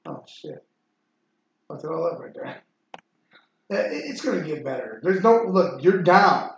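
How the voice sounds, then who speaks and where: A man with a raspy, gravelly edge and a slightly higher voice talks sports in a rambling, profane way. His voice bounces around a strongly echoing room. The sound is muffled and dull. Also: expressive, unhurried, fairly bright tone. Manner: rambling and profane, frequent fillers. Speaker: podcast host. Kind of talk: casual sports chat.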